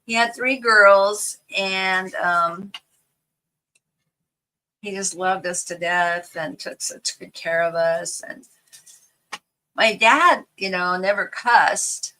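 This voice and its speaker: Slow-spoken, bright-voiced older woman. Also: lowish voice, fairly even intonation, a little hiss or hum, rough recording. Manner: rambling, chatty, quick to laugh. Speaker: craft vlogger. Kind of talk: casual storytelling while crafting.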